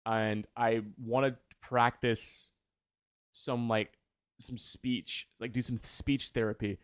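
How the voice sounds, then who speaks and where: Canadian man, video creator, quick rambling delivery, dry close sound, mid pitch. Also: level tone, smooth, no echo. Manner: fast, rambling, swears casually. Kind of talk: casual commentary on a clip.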